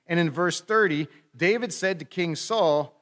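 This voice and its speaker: A middle-aged man preaching a sermon as pastor, in a conversational, animated storytelling manner with playful asides. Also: on the high side, measured pace.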